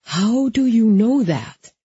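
A woman voicing a gruff older woman, a blunt, grumbling faded witch in an audiobook. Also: medium pitch, very animated, measured pace, a little mellow, no echo, full character voice. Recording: slightly dull lo-fi.

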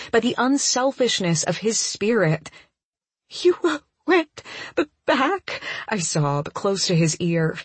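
A woman narrating a first-person audiobook in an intimate, emotional, measured way. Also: fairly low pitch, no room sound.

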